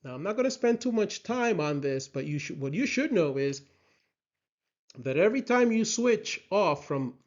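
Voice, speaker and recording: A Spanish teacher with a high voice and big pitch swings slowly, patiently drills words for the listener to repeat, frequently checking in with "right?". The recording has a slightly dull, lo-fi sound.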